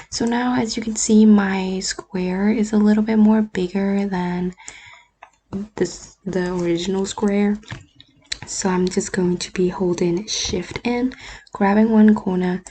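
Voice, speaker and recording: A woman whose first language is not English, talking through a screen-recorded editing tutorial in a relaxed, often half-whispered way. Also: mid-range voice, slight background noise. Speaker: YouTuber. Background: faint keyboard and mouse clicks.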